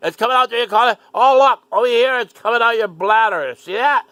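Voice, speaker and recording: A man putting on the voice of an overexcited male doctor, in a shrill, mocking, sing-song way. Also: fairly quick, pushed and bright, no room sound. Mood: gloating.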